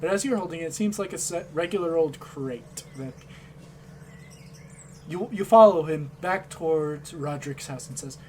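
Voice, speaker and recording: A man's voice: a little high, normal speed. Guy running a tabletop game, narrates loose and casual, a bit of hiss behind. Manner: casual, repeats words when narrating. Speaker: game master. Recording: faint background noise.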